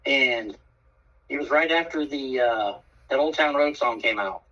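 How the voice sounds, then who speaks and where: A man's voice: medium pitch, a little slow, far from the mic. A man in casual chat, telling blunt, profane stories. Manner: blunt, profane, lively storyteller. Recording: dull, muffled sound from off the mic.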